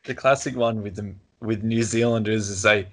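A man's voice: fairly low pitch, fairly even intonation, normal speed, a bit bright. A man, chatting casually and laughing as he tells amused stories. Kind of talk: casual chat.

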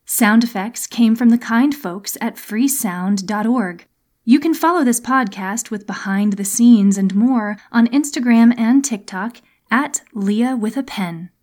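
A woman narrating and producing her own storytelling podcast, measured and soft-spoken. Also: mid-range voice.

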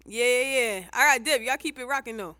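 Bright-voiced woman tossing in quips. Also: on the high side, brisk. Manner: brief, joking interjections. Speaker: podcast co-host. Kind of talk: casual chat.

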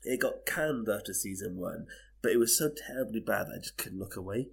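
A man's voice: fairly low pitch, expressive, a little fast, creaky, husky. A man co-hosting a podcast, chatting casually with frequent laughs and hesitant fillers. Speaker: podcast co-host. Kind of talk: casual chat.

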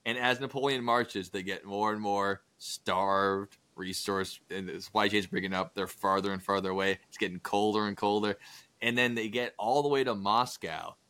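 A man hosting a casual podcast, retelling history with crude jokes and quick acted-out asides. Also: fairly low pitch, steady tone, bright, forceful tone. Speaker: podcast host. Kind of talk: casual comedic history chat.

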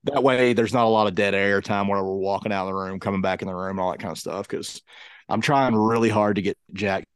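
A man's voice: lowish voice, steady tone, quick pace, clean tone. A man co-hosting a casual podcast, telling family stories and teasing his co-host. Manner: teasing storyteller. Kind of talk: casual chat.

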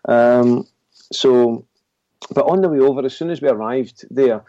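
A man chatting on a paranormal podcast, telling a story in a halting, rambling way with chuckles. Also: medium pitch, mellow, no room sound. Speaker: paranormal investigator co-host. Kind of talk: casual podcast chat. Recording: dull lo-fi audio.

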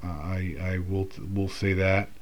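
A man's voice: deep voice, flat delivery, a little slow. A man talking casually in a rambling, reflective monologue, full of fillers and restarts.

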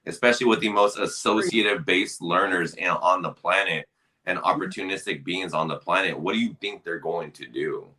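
A laid-back man chatting on a podcast, agreeing often and laughing easily. His voice is very low yet has a bright, forceful edge. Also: fairly quick. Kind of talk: casual podcast chat.

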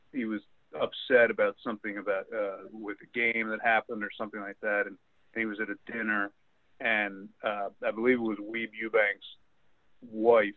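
A man's voice: lowish voice, no echo. A man in casual sports talk, rambling through stories with many repeated words and fillers. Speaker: co-host. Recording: tinny phone-like line.

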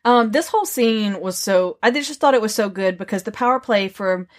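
A woman co-hosting a casual book discussion, animated and quick to laugh. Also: medium pitch. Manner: animated, laughs often, backchannels a lot. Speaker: book podcast co-host.

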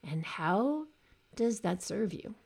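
A woman's voice: medium pitch, big pitch swings, takes it slowly, gravelly, a little mellow, husky. A woman coaching cancer survivors in an earnest motivational talk, often acting out her clients' words.

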